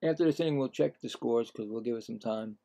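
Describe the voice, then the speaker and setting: Gravelly, tired-sounding male sports streamer. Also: medium pitch, fast. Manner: rambling, chatty asides between calls; livelier and louder on the calls. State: tired, yawning. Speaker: streamer doing play-by-play. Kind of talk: casual live play-by-play commentary.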